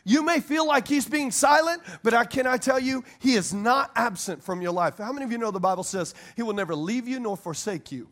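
A male pastor preaching a sermon to a congregation, telling animated, joking stories and laughing often. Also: very high voice, a little fast, hardly any pauses. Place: church service before a congregation.

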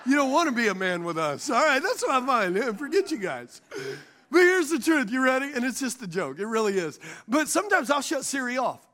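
A man's voice: sing-song, fairly quick, sharp tone. A man preaching in church, joking with the congregation and calling for responses. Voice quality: high voice for a man. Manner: preaching with call-and-response and jokes. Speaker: pastor. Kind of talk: sermon. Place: church sanctuary.

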